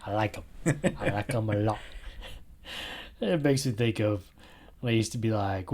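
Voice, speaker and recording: A man hosting a casual podcast chat, jokey and animated, often dropping into whispered asides. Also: lowish voice, a little slow. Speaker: podcast host.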